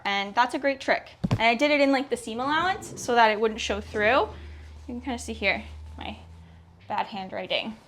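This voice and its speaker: A young woman from Canada talks through her sewing project in a loose, chatty way, narrating each step to her viewers. Her voice sits a little high, and a faint hum of room noise stays behind her. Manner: chatty, self-talking while working, quick exclamations. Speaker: sewing vlogger. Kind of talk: casual sew-along chat.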